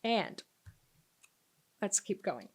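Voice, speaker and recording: A woman's voice: medium pitch, sing-song, very slow, breathy edge. A middle-aged woman, a spiritual teacher, telling a personal story in an earnest, conversational way with frequent fillers.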